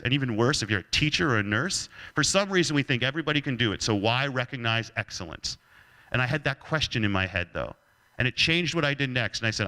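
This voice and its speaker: A man delivers a motivational talk as a joking, animated storyteller. His pitch swings widely as he builds the story, and his voice has a bright, forward ring. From Canada. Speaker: keynote speaker.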